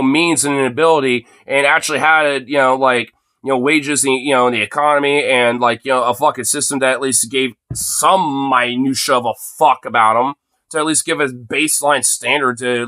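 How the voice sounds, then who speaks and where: A man in his late twenties rants angrily into his phone, swearing constantly and leaning on filler words. His voice sits at a mid pitch. The sound is close and dry, with no room echo. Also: bright, forceful tone. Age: late 20s. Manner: profane, heavy fillers like "you know" and "dude". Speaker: livestreamer. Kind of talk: angry ranting monologue.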